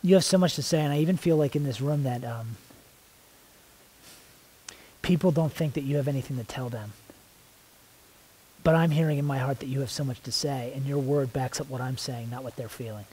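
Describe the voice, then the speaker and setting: A man praying aloud in spontaneous prayer, soft and halting, repeating words as he searches, sometimes dropping to a hushed near-whisper. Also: mid-range voice, breathy edge, rough recording. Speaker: worship leader praying aloud.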